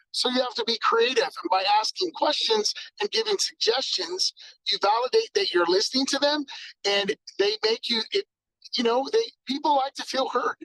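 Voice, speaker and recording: A man giving an energetic sales training talk, acting out exchanges with customers. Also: very high voice, creaky, no echo, rough recording.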